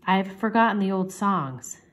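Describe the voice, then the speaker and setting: A woman voicing a quiet, tender widowed farm father, speaking softly and slowly. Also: expressive, lightly acted. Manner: soft, low and slow.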